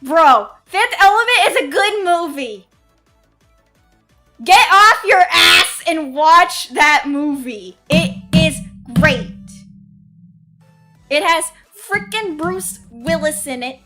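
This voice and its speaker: High, bright excitable woman streamer. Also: takes it slowly, faint music behind. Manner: excitable, swears and scolds chat loudly. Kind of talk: casual live-stream chat.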